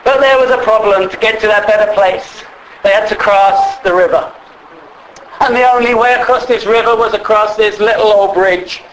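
A fairly high-voiced man preaches in a church, telling a story in a loose, conversational way. He repeats words as he goes and turns to the listeners with questions. A faint hum of noise sits behind him. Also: a bit bright, rough recording. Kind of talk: storytelling sermon.

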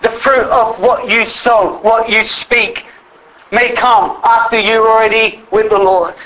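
Male preacher, fairly high voice, earnest sermon delivery that slows for emphasis. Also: steady tone, sharp tone, low-quality recording. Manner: earnest, slows down to stress scripture.

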